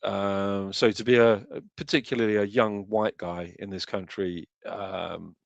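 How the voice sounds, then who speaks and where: A man's voice: lowish voice, steady tone, a little slow, vocal fry, no echo, muffled recording. A man from the United Kingdom, a guest on a casual podcast, talking hesitantly with many fillers.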